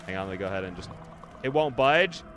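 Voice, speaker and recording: A man's voice: low-pitched, expressive, quick pace, a bit bright. Man, game livestream commentary, rambling, lots of fillers, talking to chat, faint background hiss. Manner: chatty, rambling, heavy on "like" fillers; reads chat aloud and answers viewers. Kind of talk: live horror game commentary.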